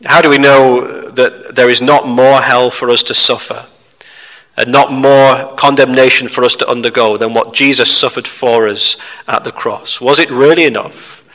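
A man's medium-pitched voice echoes through a reverberant hall as he delivers a sermon. Steady and measured, he poses questions to those listening.

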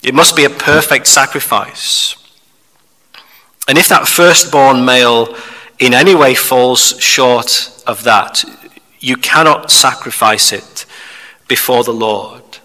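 A man preaching a measured expository sermon, turning to the listeners with rhetorical asides. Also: medium pitch, pushed and bright. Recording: long hall reverb.

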